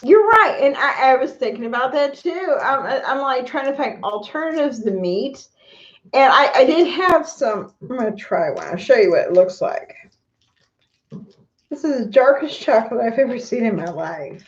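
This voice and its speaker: A woman's voice: high-pitched, animated, normal speed. A middle-aged woman chatting casually on a live stream at home, talking to viewers and her pets, recorded on a phone or camera mic. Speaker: vlogger. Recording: echoey room, dull lo-fi sound.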